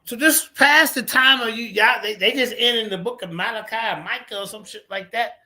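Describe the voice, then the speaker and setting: Brash trash-talking man, high edgy voice, on a video call. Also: moderate pace. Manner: loud, crude, taunting. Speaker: debater and stream commentator. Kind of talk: mocking live commentary.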